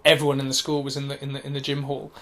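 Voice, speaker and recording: A man's voice: medium pitch, completely flat delivery, racing, fairly bright tone. A man co-hosting a comedy podcast, riffing and telling a joking story in casual chat. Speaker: podcast co-host.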